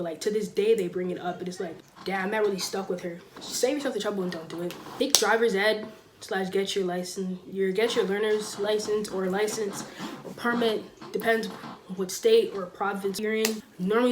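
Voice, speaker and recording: A teenage girl on her own channel, giving blunt school advice in a casual sit-down talk, with sudden loud stresses. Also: mid-range voice, noisy background. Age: teens. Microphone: camera mic, sitting.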